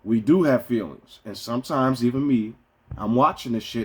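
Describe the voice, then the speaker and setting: A man venting casually to his viewers in a profane, rambling way, swinging between heated outbursts and quieter musings. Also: medium pitch, normal speed, a little hiss or hum. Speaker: vlogger. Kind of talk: casual rant to camera.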